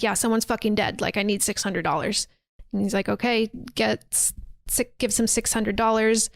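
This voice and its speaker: A woman's voice: a little high, dry recording, clean studio sound. A woman hosting a podcast, casually recapping a horror movie, swearing and acting out the characters' lines. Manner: chatty, acts out quotes, swears freely.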